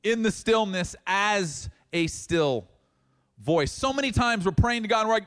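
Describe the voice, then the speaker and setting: Lively high-voiced man preaching. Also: measured pace. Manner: animated preaching, acting out dialogue in voices. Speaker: pastor. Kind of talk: sermon.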